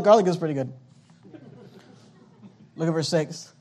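A man's voice: a little high, measured pace, a little mellow. A man preaching a sermon as pastor, emphatic, with rhetorical questions and frequent restarts.

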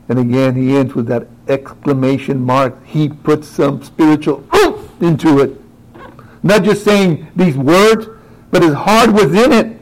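A man preaching a sermon who talks directly to his congregation, moving from quiet asides to rising, emphatic exclamations. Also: on the high side, measured pace, rough recording.

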